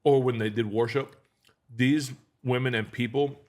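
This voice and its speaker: A man's voice: mid-range voice, fairly even intonation, measured pace, a little mellow. A man in his thirties hosting a casual podcast chat, talking earnestly with frequent restarts and fillers. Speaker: podcast host.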